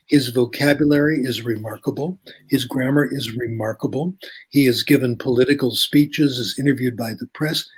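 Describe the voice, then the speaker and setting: An older man, a linguistics professor, explains ideas and tells anecdotes in an interview, often checking in with a quick "okay?". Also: medium pitch, steady tone, breathy edge.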